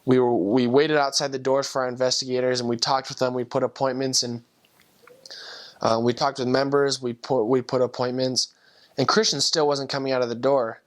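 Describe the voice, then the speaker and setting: A young man with a voice of ordinary middle pitch tells a personal story from his missionary days. He speaks earnestly and from the heart, and often stumbles and restarts as he goes. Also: flat delivery, normal speed. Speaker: returned missionary.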